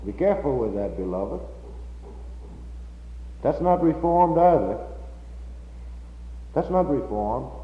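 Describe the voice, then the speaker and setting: Slow, emphatic preaching man. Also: expressive, reverberant, in a large hall, narrow, tinny audio. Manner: slow, emphatic preaching that rises to loud, high-pitched peaks. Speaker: pastor. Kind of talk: sermon.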